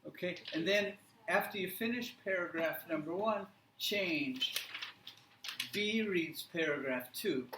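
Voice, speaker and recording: Slow, deliberate male English teacher. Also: high voice, roomy sound, distant mic, background noise. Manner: slow, deliberate, checking with "okay?" and "right?". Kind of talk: classroom workshop instruction.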